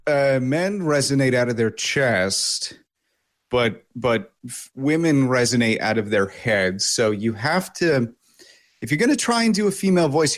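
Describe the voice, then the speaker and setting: A man, a voice actor and game master, explaining voice tricks in a relaxed interview. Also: mid-range voice. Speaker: voice actor and dungeon master, guest. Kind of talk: casual interview chat.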